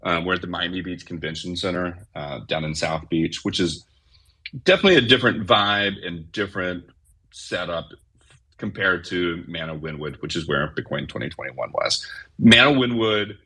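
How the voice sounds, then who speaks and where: A man's voice: low-pitched, moderate pace, sharp tone, slightly rough. A man speaking as a guest in a casual live audio chat, upbeat and agreeable. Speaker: guest, event organizer.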